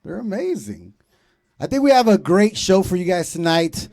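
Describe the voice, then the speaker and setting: A man in his thirties hosting a comedy show, doing loud, profane, teasing crowd work from a club stage. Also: high-pitched, lively intonation, moderate pace, vocal fry.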